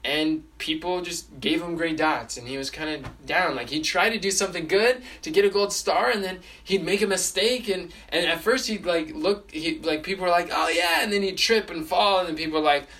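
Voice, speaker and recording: A man's voice: fairly high pitch, normal speed, few pauses, a bit bright, distant mic. Rambling man retelling a story. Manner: rambling, frequent restarts and fillers. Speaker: storyteller sharing a testimony.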